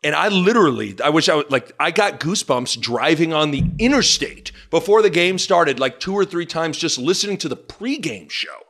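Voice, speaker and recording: A man co-hosting a podcast, excitable, chatting casually about sports. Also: fairly high pitch, moderate pace, few pauses. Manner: excitable, laughs often, mimics radio calls. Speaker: podcast co-host.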